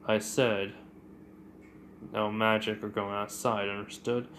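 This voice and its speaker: A man voicing a stern older sorcerer uncle who speaks slowly and measured. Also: fairly low pitch, flat delivery, a bit bright, slight background noise.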